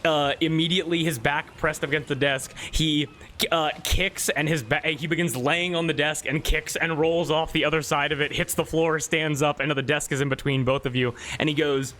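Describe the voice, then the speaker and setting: A man's voice: a little high, fairly even intonation, moderate pace, sharp tone. A man narrating a tabletop game as game master, rambling with many fillers.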